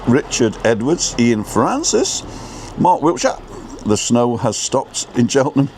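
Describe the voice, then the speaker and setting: Playful guy chatting on a live stream, middle pitch, bit of background noise. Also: sing-song, a little slow, a little mellow. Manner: chatty, playful, greets viewers by name. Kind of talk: casual live-stream chat, reading out viewer names. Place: outdoors in Tenerife.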